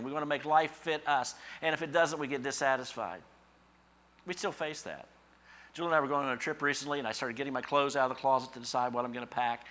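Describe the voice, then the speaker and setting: A middle-aged pastor preaches a sermon in a conversational, storytelling style, acting out quoted thoughts in a higher voice. His tone is sharp.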